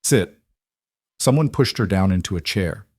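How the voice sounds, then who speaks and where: A man with a low voice narrates a story in an even, measured manner. The recording is dry and close, with no room echo. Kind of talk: scripted audiobook narration.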